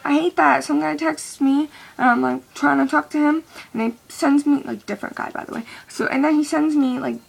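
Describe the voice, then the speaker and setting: A woman's voice: sits high, fairly even intonation, fairly quick, gravelly, few pauses. A young woman venting in a rambling, profane monologue full of restarts. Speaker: vlogger.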